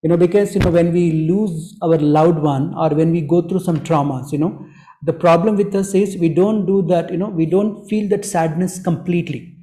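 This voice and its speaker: Man, high mellow voice, gentle, repetitive, breathwork teacher, echoey room. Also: moderate pace. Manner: gentle, repetitive, fills with "you know". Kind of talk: online group workshop talk.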